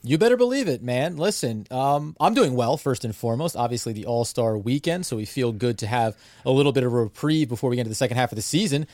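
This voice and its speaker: Smooth-talking male basketball podcast host. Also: mid-range voice, animated, fast talker, few pauses, darkish tone, no room sound, clean studio sound. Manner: smooth, upbeat, fluent. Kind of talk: casual sports podcast chat.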